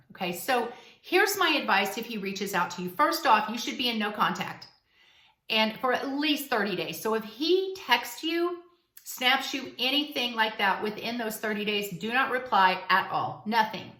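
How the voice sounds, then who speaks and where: Emphatic woman giving bright, roomy advice. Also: fairly high pitch, expressive, normal speed. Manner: emphatic, direct, coaching tone. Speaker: relationship advice vlogger. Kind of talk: casual direct-to-camera advice. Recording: roomy echo.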